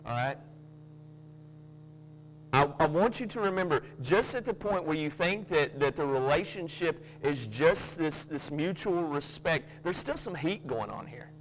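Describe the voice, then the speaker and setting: A man's voice: a little high, lively intonation, a little slow, slight background noise, low-quality recording. A man preaching a sermon, folksy, with joking asides and frequent restarts. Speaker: pastor.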